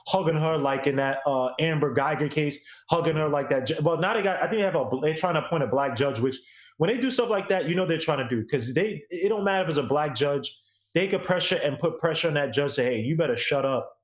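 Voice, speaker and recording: A man's voice: on the high side, quick pace, echoey room. A man co-hosting a podcast, ranting in an emphatic, repetitive, slangy way during casual opinion chat. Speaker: podcast co-host.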